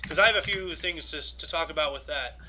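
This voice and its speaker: A man's voice: fairly high pitch, quick pace, noisy background. A man with a Californian accent hosting a casual podcast, rambling through history dates with lots of fillers and offhand asides. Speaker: podcast host.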